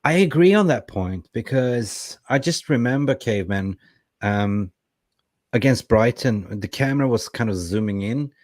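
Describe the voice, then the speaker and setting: A man's voice: mid-range voice, animated, a little slow, darkish tone, no echo, studio quality. A man co-hosting a casual football fan show, reading viewer comments aloud and reacting to them. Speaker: co-host reading live chat.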